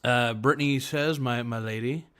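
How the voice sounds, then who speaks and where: A man's voice: medium pitch, moderate pace, a bit bright, clear, resonant tone. Rambling, joking man streaming from home. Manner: rambling, joking, self-mocking. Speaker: live streamer reading chat. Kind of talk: casual livestream chat.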